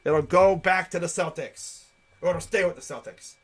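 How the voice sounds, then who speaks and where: A man streaming casual play-by-play commentary on a basketball game, jumping between quick excited calls and rambling, jokey asides. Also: high-pitched. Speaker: live reaction play-by-play streamer.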